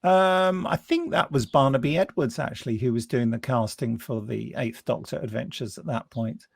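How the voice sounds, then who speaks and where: An older man, an audio drama producer and actor, chatting in a relaxed way on a video call and laughing often. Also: mid-range voice, moderate pace, vocal fry, no echo. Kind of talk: casual interview over video call.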